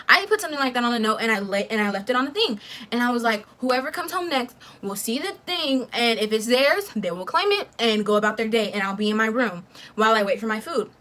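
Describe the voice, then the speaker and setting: A young woman tells a casual storytime to her camera, animated and full of swearing and "like" fillers. Her voice sits fairly high and sounds bright and forceful. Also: fairly quick. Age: young adult. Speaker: vlogger.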